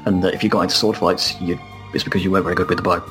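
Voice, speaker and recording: A man's voice: sits low, steady tone, racing, music in the background. A man in a casual chat, emphatic and opinionated.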